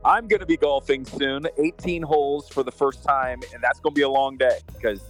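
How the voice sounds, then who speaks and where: A man's voice: mid-range voice, normal speed, faint music behind. Rambling man telling a story. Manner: rambling storyteller, acts out dialogue. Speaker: podcast co-host. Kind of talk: casual chat.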